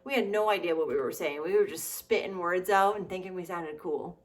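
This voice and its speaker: Woman, 30s, comedy vlogger, sarcastic and profane, animated asides. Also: lowish voice, brisk, few pauses. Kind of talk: casual comedic commentary.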